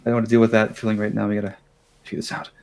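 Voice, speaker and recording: Man, low voice, casual tabletop player, plain and practical. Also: monotone, rapid-fire, a little mellow, slight background noise.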